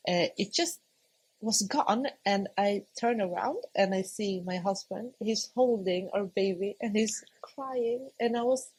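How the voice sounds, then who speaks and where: This podcast guest, a woman in her thirties, speaks slowly in a mid-range voice with a breathy edge over a rough recording. Recounting something personal, she chats easily, laughs a lot, and animatedly quotes herself.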